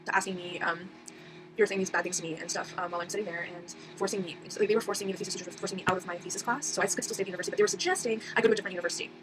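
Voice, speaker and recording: Very fast rambling young woman. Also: medium pitch. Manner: rambling, fast, full of fillers and restarts. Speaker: vlogger. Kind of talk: casual storytime monologue. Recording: audible background noise.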